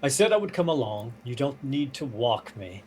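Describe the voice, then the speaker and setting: A man's voice: medium pitch, very animated, moderate pace, darkish tone, a little hiss or hum, natural voice. A man voicing a cool, dry-humored male gunman in a tabletop horror game. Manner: dry, sardonic.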